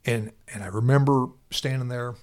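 A man in law enforcement telling a painful personal story in an interview, halting and repeating himself. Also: mid-range voice. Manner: halting, repeats words, quiet and heavy then louder when animated.

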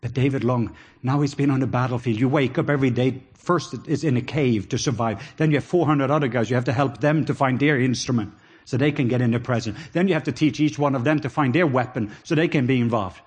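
A middle-aged man with a Norwegian accent preaching a sermon, animated with laughing asides and dropping to soft, intimate tones. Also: mid-range voice, fast, breathy edge.

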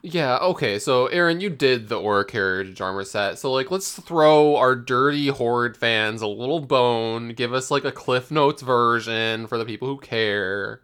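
Wry man co-hosting, smooth voice. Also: medium pitch, measured pace, few pauses, fairly bright tone. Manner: wry, teasing, steers the discussion. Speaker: podcast co-host. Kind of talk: casual gaming podcast chat.

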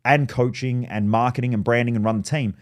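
A man's voice: mid-range voice, fairly even intonation, a little fast. Blunt, profane man. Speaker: podcast host. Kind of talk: solo podcast monologue.

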